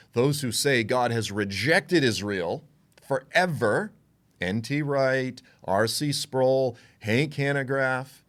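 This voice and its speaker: A man giving a conversational Bible teaching, frank and animated, acting out what others would say. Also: mid-range voice. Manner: animated, frank, with asides and quoted voices.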